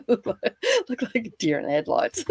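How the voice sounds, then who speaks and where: A woman's voice: medium pitch, darkish tone, slightly rough, no room sound. A middle-aged Australian woman in casual chat on a livestream, rambling and chatty, with lots of fillers and frequent laughter. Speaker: livestream guest.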